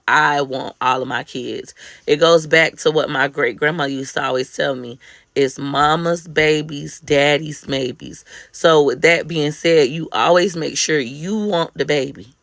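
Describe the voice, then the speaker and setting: A woman's voice: low-pitched, fairly even intonation, a little slow, fairly bright tone, dry recording, clean studio sound. A woman talking candidly to camera as a mother, emphatic, heartfelt and blunt. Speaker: mother sharing life advice. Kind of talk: candid personal monologue to camera.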